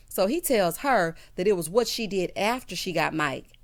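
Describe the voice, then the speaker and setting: A woman hosting a reality TV recap, telling it like a story with sassy, animated commentary and acted-out quotes. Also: on the low side, moderate pace. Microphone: voice-over without camera.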